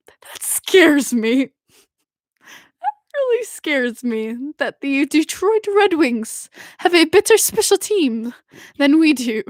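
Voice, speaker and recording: Excitable young woman podcast host. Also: sits high, no room sound, studio quality. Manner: excitable fangirl, giggly, rambling with restarts. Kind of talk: casual chat.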